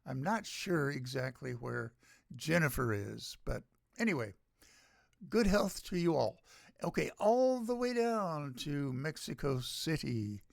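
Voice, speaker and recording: An older American man hosts his own show, ranting in a halting, sardonic way, with many pauses as he searches for words. His voice is gravelly and he speaks at an unhurried pace. The recording is dry and close, with little room sound. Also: on the high side, big pitch swings, no room sound. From United States. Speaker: podcast host. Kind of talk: solo opinion rant.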